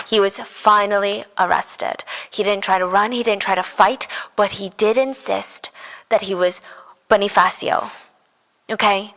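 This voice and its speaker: A woman of middle pitch tells a true crime case as a podcast host. Her delivery is casual and animated, with dry, wry remarks dropped between the facts. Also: rough recording.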